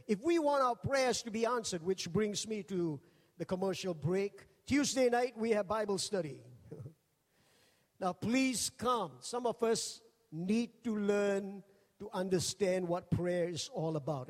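A high-pitched man preaching from the pulpit, telling funny stories with lively energy. His voice rings out with a long hall reverb around it. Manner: jokey, animated, acts out quoted voices. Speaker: pastor. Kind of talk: humorous storytelling sermon.

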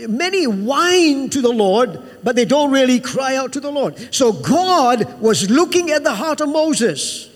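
A man's voice: very high voice, long reverb tail. A man preaching a sermon to a church, emphatic and repetitive, calling out to the congregation for an amen. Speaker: pastor.

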